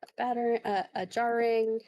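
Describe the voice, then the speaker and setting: A woman running a tabletop game as game master, calm and affirming. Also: fairly high pitch, moderate pace, no echo.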